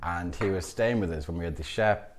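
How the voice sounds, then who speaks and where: A man's voice: deep voice, a little fast, a little hiss or hum. A middle-aged man, a podcast guest, telling stories in a rambling way, often restarting and laughing. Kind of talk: casual interview storytelling.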